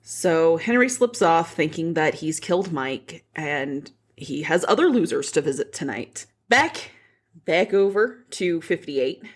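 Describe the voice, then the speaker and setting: Woman, lowish voice, podcast host, casual book recap, blunt and swears freely. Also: very animated, unhurried. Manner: frank, profane storytelling.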